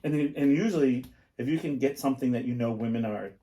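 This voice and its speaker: A man's voice: mid-range voice, fast talker, dark tone. Rambling middle-aged man telling bar stories. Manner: rambling, filler-heavy storytelling. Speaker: podcast co-host. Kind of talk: casual chat.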